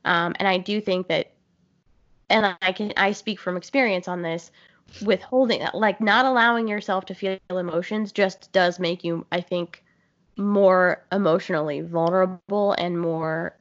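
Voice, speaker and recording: A woman's voice: medium pitch, normal speed, fairly bright tone. A woman in casual movie talk, blunt, profane and enthusiastic as she gushes over scenes. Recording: dull lo-fi sound.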